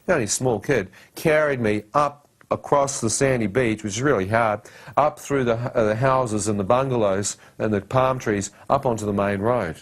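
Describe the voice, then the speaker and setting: A man's voice: medium pitch, normal speed. Man vividly retelling a personal testimony. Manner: vivid present-tense retelling with asides to the listeners. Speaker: speaker sharing a testimony.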